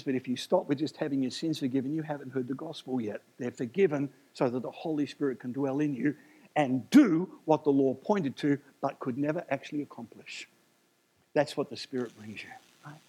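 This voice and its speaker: A man preaching a sermon, animated and emphatic, with jokes and asides. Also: fairly high pitch, slightly rough.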